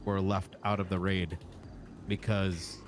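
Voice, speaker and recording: A man chatting in character with another roleplay player, talking in a halting way full of restarts and fillers. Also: deep voice, level tone, soft background music. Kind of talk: casual in-character chat.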